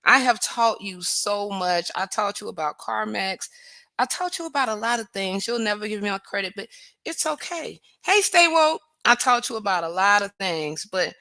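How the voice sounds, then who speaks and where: Woman, livestream host, bright forceful voice, dry close sound. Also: mid-range voice, animated, moderate pace, no echo. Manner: chatty, greets viewers by name, praises God often. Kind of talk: casual livestream chat.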